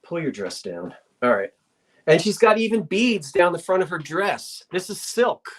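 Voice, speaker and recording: A woman's voice: fairly low pitch, expressive, normal speed. A woman hosting a live online sale, describing an item in casual, rambling chat full of asides.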